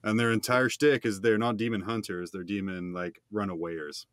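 A man's voice: lowish voice, fairly even intonation, moderate pace, a bit bright, smooth, dry recording. A man co-hosting a podcast, riffing jokes and quips about the story in casual chat. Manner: jokey, riffs on the story with quips. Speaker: podcast co-host.

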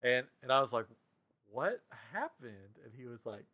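A man's voice: medium pitch, quick pace. A man in his thirties hosting a casual podcast, telling stories with lots of laughter. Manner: animated, laughing storyteller. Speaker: podcast host.

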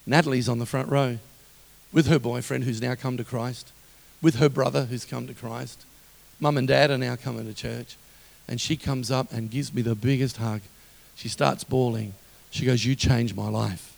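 A middle-aged man preaching a sermon, telling stories with passion and rising to loud exhortation. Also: medium pitch, fairly even intonation, moderate pace, gravelly. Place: church hall. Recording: long reverb of a large hall.

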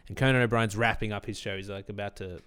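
A man's voice: on the low side, steady tone, fast talker, fairly bright tone, clean tone. Man telling rambling stories. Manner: rambling storyteller, acts out quotes. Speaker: podcast co-host. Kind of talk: casual chat.

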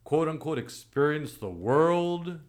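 A priest in his forties telling a personal story in conversation, animated and acting out quoted voices. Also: a little high, takes it slowly. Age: 40s.

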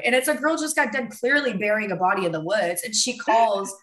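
A woman hosting a podcast, telling lively stories and swearing freely. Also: fairly high pitch, fairly quick, hardly any pauses. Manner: animated storyteller, swears freely. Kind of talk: casual podcast chat. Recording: roomy echo.

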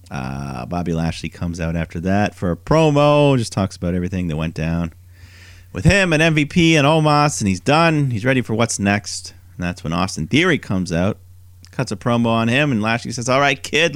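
Co-host, male, low voice with lively swings, chatty recap storyteller. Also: moderate pace, clean tone, dry recording, clean studio sound. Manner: animated storytelling, mimics quoted wrestlers in higher voice. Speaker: podcast co-host. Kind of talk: casual wrestling recap.

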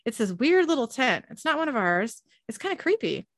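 A woman's voice: fairly high pitch, big pitch swings, brisk, fairly bright tone, no room sound, clean studio sound, voice pushed up, heavily acted. Eager, lovestruck costumed orc, earnest; a woman reads the role.

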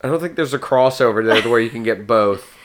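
An excitable podcast host, a man with a middle-pitched voice. He rambles in casual chat, jumping from one thought to the next. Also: quick pace. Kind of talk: casual chat about movies.

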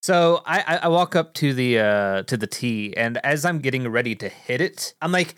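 Guy player stammering a bit, lively up-and-down voice, dry sound. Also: mid-range voice, normal speed, clear, resonant tone, no echo. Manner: stammering, self-mocking. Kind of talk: tabletop game chat.

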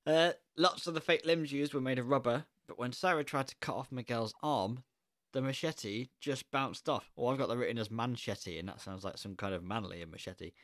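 A man's voice: medium pitch, fairly quick, few pauses, fairly bright tone, no echo, clean studio sound. A man co-hosting a casual film review podcast, rambling and laughing at his own asides. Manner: rambling, self-correcting, laughs a lot. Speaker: podcast co-host.

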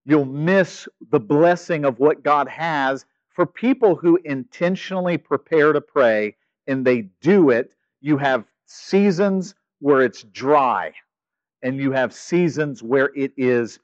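A male pastor preaching a sermon, animated, swinging from loud stretches to hushed ones. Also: fairly high pitch, takes it slowly, no echo, dull audio.

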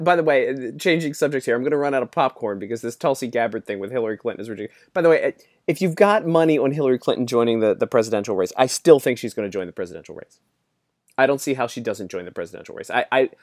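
A man's voice: mid-range voice, no room sound. Guy ranting about politics, sarcastic, keeps laughing, dry close sound. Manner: sarcastic, mocking, laughs often. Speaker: political commentator. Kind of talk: rambling opinion monologue.

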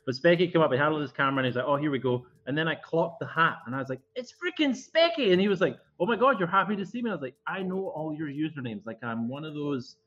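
A man chatting as a guest on a live podcast, telling animated, jokey stories. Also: a little high, fast talker, hardly any pauses. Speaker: guest, detailing business owner. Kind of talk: casual live podcast chat. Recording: slightly dull lo-fi audio.

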